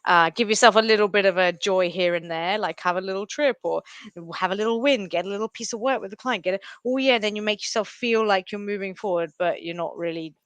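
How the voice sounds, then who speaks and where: A woman co-host, musing aloud in a reflective, halting way during a coaching exercise. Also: mid-range voice, fairly bright tone, smooth, dry recording. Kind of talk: casual chat.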